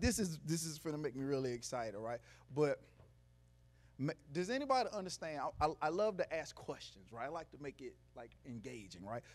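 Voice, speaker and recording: A man giving a motivational talk to a live audience in a room, preachy, asking the crowd questions, going from quiet to loud. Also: fairly high pitch. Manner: preachy, call-and-response, swings from soft to loud. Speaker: motivational speaker.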